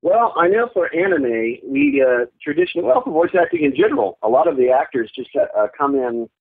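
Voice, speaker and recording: A man in his thirties talks through an interview in an animated, easygoing way, laughing often and popping into short character voices. His pitch swings widely from phrase to phrase. The audio is thin and tinny, like a phone line. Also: brisk. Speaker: voice actor guest. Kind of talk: casual interview chat.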